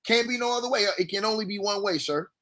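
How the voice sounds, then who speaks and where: Hyped high-voiced man trash-talking on stream. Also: fast talker. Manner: loud, repetitive, trash-talking. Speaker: livestream sports commentator. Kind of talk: hyped livestream sports talk.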